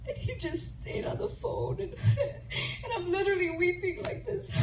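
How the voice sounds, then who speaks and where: A woman with a high voice shares a testimony in front of a retreat audience, acting out dialogue and moving between laughter and tears. She is heard from a distance in an echoey hall, with clear background noise. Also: moderate pace, few pauses. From Chicago. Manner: animated storytelling, laughing and tearful, acting out dialogue. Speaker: speaker at a women's retreat. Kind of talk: testimony sermon. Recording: echoey room from far off with noise.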